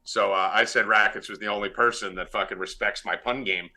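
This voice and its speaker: A man's voice: lowish voice, fairly even intonation, fairly quick, bright, forceful tone. A man hosting a casual sports betting podcast, brash, profane and teasing his co-hosts. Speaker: podcast host.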